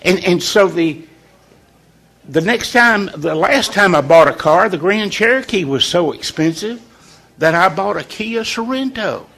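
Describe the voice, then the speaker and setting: Guy with a slightly high husky voice chatting through a morning devotional, folksy, pauses a lot for effect. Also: lively intonation, fairly bright tone. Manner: folksy and conversational, with deliberate pauses. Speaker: devotional leader. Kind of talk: informal morning devotional talk.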